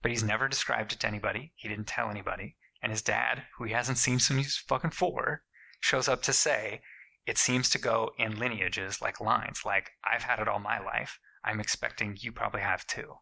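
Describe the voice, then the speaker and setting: Man, gravelly, very bright tone, casual storytelling, profane, acts out quotes. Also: lowish voice, normal speed, rough recording. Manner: profane, animated, acts out quotes in jumped-up voices. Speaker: podcast co-host telling a story.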